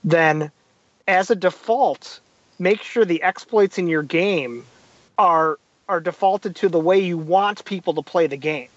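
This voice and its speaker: Male podcast guest, high voice, lively anecdotes with acted-out quotes; dry, slightly muffled sound. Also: a little slow, no room sound. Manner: animated storyteller, acts out quotes. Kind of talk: casual podcast chat.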